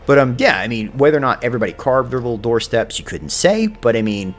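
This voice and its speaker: A man's voice: medium pitch, big pitch swings, fast talker. A man giving casual, chatty commentary while playing a video game, often drifting into history asides. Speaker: game streamer. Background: game music.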